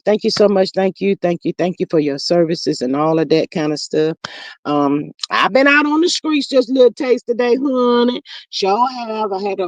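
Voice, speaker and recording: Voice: dry recording, dull audio. Folksy livestream host calling everyone honey. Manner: folksy and chatty, calls viewers honey and child; animated, with sudden jumps in pitch and bursts of speed. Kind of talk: casual chat, reading out live chat comments.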